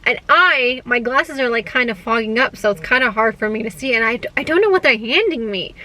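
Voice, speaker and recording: A young woman, speaking at a somewhat high pitch. She chats to camera in a loose vlog style, full of "like" fillers. She tells her stories with lively animation. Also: brisk, few pauses, rough recording. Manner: chatty, heavy use of "like" fillers; animated storyteller. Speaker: gig-work vlogger. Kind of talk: casual chat to camera.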